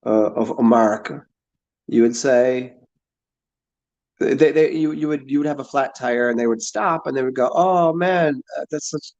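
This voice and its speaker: A man talks loosely to his audience, circling back and repeating himself as he feels for the words. His voice sits at an ordinary pitch. The recording sounds slightly dull and lo-fi. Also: gravelly, a little mellow. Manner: halting, repeats words and restarts, laughs and swears. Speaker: streamer answering chat. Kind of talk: casual rambling chat.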